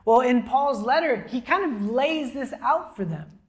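A woman pastor preaching a sermon to a congregation in a church, conversational and emphatic, with soft, quiet asides. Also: high-pitched, lively intonation, a little slow. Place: church auditorium before a congregation.

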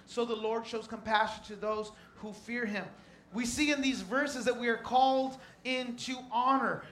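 A man's voice: sits high, bright, forceful tone, echoey room. A man in his thirties, a pastor preaching a sermon in a folksy, emotional way with repeated refrains. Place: large tent with a congregation.

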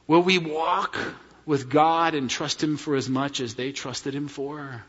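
A man's voice: on the high side, fairly even intonation, a little slow, a bit bright, breathy edge. A man preaching a sermon as pastor, earnest and storytelling, calling his congregation friends. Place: church sanctuary. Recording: dull sound in a reverberant church hall.

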